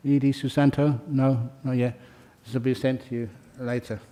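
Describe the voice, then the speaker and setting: A man with a medium-pitched, level voice presides over a ceremony in a meditation hall, reading names and welcoming each new member. Chatty and good-humoured, he speaks slowly and warmly, laughing as he moves from name to name.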